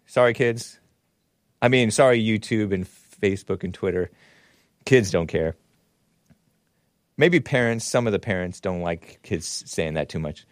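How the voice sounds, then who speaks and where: A man's voice: medium pitch, no room sound, studio quality. A man hosting a talk show, giving sarcastic, chuckling commentary while reading out chat comments.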